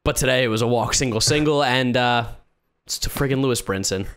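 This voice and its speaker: A man's voice: medium pitch, brisk, a bit bright, clear, resonant tone. A man co-hosting a sports podcast in casual chat, complaining wryly about his team's poor play. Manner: exasperated, complaining, wry. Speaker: podcast co-host.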